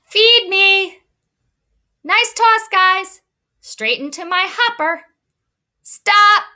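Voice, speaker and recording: A woman reading aloud as a hungry, bossy male garbage truck in a storybook, loud and commanding. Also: on the high side, huge pitch swings, drawn-out words, full character voice.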